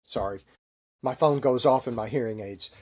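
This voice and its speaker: A man's voice: mid-range voice, moderate pace, darkish tone. Middle-aged man telling stories, good-humored. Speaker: Navy chaplain. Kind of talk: storytelling interview answers.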